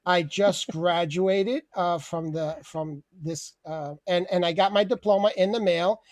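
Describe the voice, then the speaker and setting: A man's voice: sits high, fairly even intonation, measured pace, no room sound. A man hosting an online open mic over a video call, rambling through a comic rant, laughing often and swearing freely. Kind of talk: casual comedic rant.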